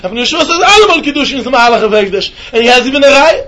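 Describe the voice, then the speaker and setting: A man teaching a Talmud lesson in a yeshiva style, with an animated singsong delivery. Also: very high voice, racing. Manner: animated singsong, mixing Yiddish and Hebrew terms.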